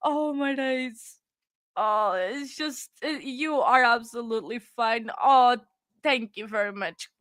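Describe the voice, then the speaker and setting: A woman hosting a casual livestream, talking in a fairly high voice as she effusively thanks her viewers. She rambles, restarts and gushes as she reads the chat. Her voice is close and dry, with no room sound around it. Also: slow pace, a bit bright, no echo. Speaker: true crime livestream host.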